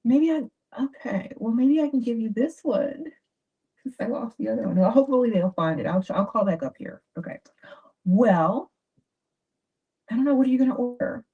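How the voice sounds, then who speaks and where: A woman giving dating advice in a chatty, animated livestream talk. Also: a little high, normal speed, breathy edge. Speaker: advice host. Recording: dull lo-fi sound.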